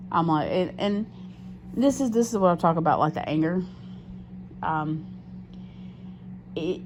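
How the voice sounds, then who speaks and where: A woman talking candidly in a casual confessional diary vlog, rambling with fillers and restarts and swearing freely. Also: lowish voice. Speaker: diary vlogger. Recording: muffled lo-fi sound with steady background noise.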